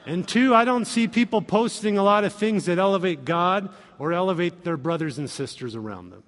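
A man preaching a sermon as pastor, animated and acting out quoted voices. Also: high-pitched, a little fast. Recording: long reverb of a hall.

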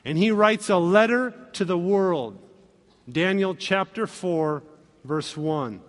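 High-voiced preacher in a reverberant hall. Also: male voice, slow. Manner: animated, acts out quoted voices with humor. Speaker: pastor. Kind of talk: sermon.

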